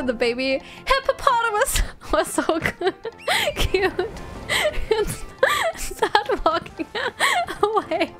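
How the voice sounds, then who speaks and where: Woman, game streamer, high voice, lively swoops, laughing, stumbling, yelling, faint music behind. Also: slow. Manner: laughs a lot, stumbles over words, yells in frustration. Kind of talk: casual live-stream chat.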